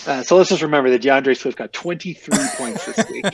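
A man's voice: medium pitch, lively intonation, a little fast, far from the mic, slight background noise. A man in casual podcast chat, teasing and laughing mid-sentence. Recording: voice set back from the mic.

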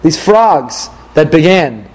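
A rabbi giving a Torah class to a group, his voice sitting high for a man yet soft and mellow in tone. He leads with strings of rhetorical questions and slips in dry jokes as he explains. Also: sing-song, takes it slowly, rough recording. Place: class room in South Florida.

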